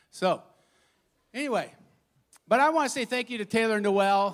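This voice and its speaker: Animated high-voiced male pastor. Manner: animated, laughing, acting out stories. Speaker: lead pastor. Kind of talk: sermon with storytelling.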